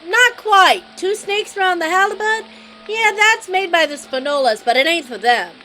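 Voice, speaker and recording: Brief: sleazy New Jersey mob guy put on by a woman, high and lively, swaggering drawl. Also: moderate pace, a little hiss or hum, heavily acted. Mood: explaining. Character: brash male New Jersey mobster informant.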